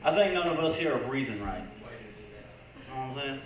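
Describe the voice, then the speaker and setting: Teasing stand-up comic over a laughing crowd. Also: male voice, mid-range voice, lively intonation, normal speed. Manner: loose, teasing crowd work. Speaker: stand-up comedian. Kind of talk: stand-up comedy set. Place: comedy bar lounge. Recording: echoey room, distant voice, crowd. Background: audience laughter.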